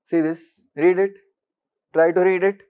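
A man with an Indian English accent gives an exam-prep lecture in a high, clear, resonant voice, speaking a little slowly with flat delivery over phone-quality sound. He often questions students, slips in Hindi words, and repeats points for emphasis.

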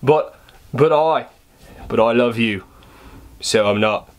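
A young man putting on a deliberately bad Australian accent to play a lovesick male huntsman hero in a home video skit. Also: medium pitch, natural voice. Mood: earnest. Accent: put-on Australian, deliberately bad.

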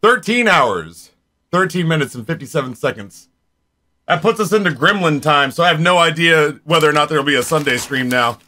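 Streamer, forties, male: rambling casual chat, bright tone, a bit higher voice. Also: animated, brisk. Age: 40s. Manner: rambling, chatty, talks straight to viewers.

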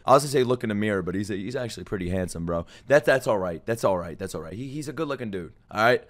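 A man reacting to a video as a streamer, talking loudly and excitedly, swearing often and breaking into sudden outbursts. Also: lowish voice, racing, hardly any pauses. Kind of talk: anime reaction commentary.

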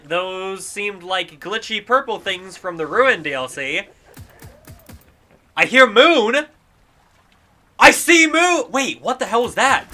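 A young man giving excited let's-play commentary, exclaiming and talking to himself while he plays a video game. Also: sits high. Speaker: gaming YouTuber.

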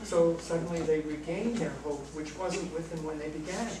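Brief: male priest, lively storyteller, higher voice, distant mic, roomy noisy hall. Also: moderate pace. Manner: animated storyteller, joking. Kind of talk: parish talk with audience questions. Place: parish hall with audience.

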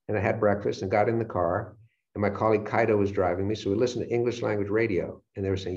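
Brief: low-voiced male lecturer, animated storyteller, dull lo-fi recording. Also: fast. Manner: animated storyteller acting out his own reactions. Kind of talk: motivational lecture. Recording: dull lo-fi sound.

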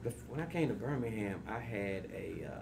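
A man's voice: fairly low pitch, fairly quick, gravelly, noisy background. A man in his forties, a radio personality, telling casual stories as a podcast guest and acting out the people he quotes. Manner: animated, acts out quoted people. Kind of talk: casual storytelling.

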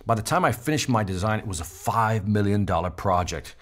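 Middle-aged guy telling a sales story, lots of energy, acts out the quotes, lowish voice. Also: a little fast. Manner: animated storyteller acting out quotes. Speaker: sales speaker. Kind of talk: storytelling talk.

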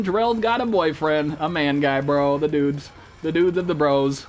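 A young man with a high, light voice hosts a live game stream, swearing freely, teasing friends and rattling off greetings to chat. A faint hiss sits under his voice. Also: moderate pace. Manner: profane, joking and rambling, greets chat viewers.

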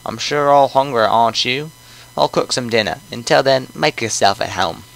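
A man voicing a kindly old male landlord with a put-on British accent, speaking slowly and courteously. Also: medium pitch, vocal fry, fairly bright tone, low-quality recording. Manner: slow, courteous, old-fashioned.

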